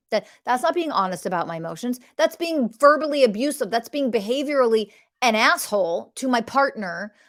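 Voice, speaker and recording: A woman with a fairly high voice lectures on relationships with blunt force. She is emphatic, swears freely and acts out what partners say as she makes her points. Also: fairly bright tone. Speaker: podcast host and relationship teacher. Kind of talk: impassioned teaching monologue.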